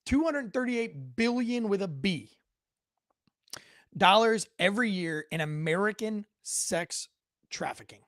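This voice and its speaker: A man's voice: a little high, lively intonation, moderate pace, no room sound, clean studio sound. A man hosting a casual news commentary show from home, rambling with sarcastic asides and frequent self-corrections.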